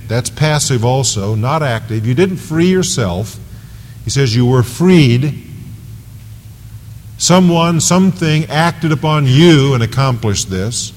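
A man's voice: a little high, very animated, unhurried. A male pastor preaching an earnest, emphatic expository sermon in a church. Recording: long reverb of a large hall.

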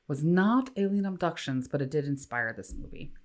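A woman with a notably low voice co-hosts a casual podcast. She reads out facts in an easy, chatty way and breaks off now and then for wry little asides. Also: lively intonation, normal speed, a little mellow. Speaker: podcast co-host. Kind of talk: casual chat, reading facts aloud.

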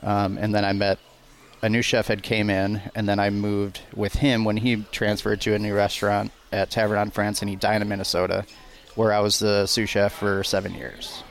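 A man's voice: on the low side, vocal fry. A man, a guest chef, talking casually and plainly about his work history. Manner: easygoing, plain-spoken, slow and even. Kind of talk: casual interview chat.

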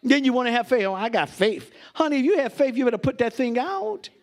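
A middle-aged man preaching a sermon to his congregation as their pastor, with shouted peaks and bursts of laughter. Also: very high-pitched, expressive, quick pace. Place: church before a congregation.

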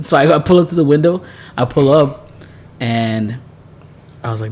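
A man co-hosting a podcast, telling stories in an animated casual way with frequent laughter. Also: mid-range voice, quick pace, slight background noise. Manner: animated storyteller, laughing often. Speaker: podcast co-host. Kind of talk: casual chat.

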